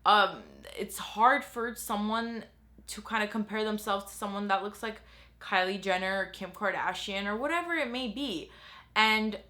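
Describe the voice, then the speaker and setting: A young woman from Los Angeles, vlogging in a candid, halting way, with many fillers and restarts. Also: medium pitch, sharp tone. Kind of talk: confessional vlog talk.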